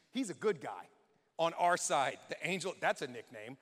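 A man preaching a sermon in a lively, conversational way, acting out quotes and joking with the church. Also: a little high, a little slow. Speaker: pastor. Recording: reverberant hall.

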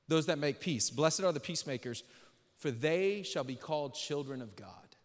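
A man, a pastor, giving a casual, joking sermon with slang that builds into emphatic preaching in a church sanctuary. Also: mid-range voice. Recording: long reverb of a large church hall.

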